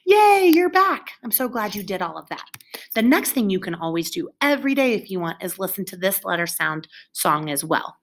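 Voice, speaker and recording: A woman's voice: on the low side, lively intonation, brisk, fairly bright tone. A woman teaching young children in a recorded lesson, with an encouraging, exaggerated teacher voice.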